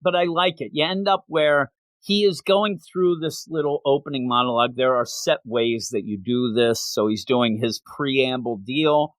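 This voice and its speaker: A man's voice: medium pitch, moderate pace, no room sound. A man hosting a podcast, recapping a manga chapter in casual chat and acting out the characters. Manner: animated storytelling, acts out characters in silly voices. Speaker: podcast host.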